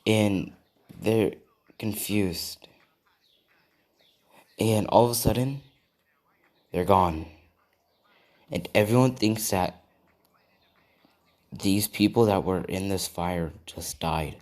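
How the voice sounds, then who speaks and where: Male storyteller, rambling and unscripted; low, slow, lively pitch. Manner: rambling, with many fillers and asides to viewers. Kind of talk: casual improvised story narration.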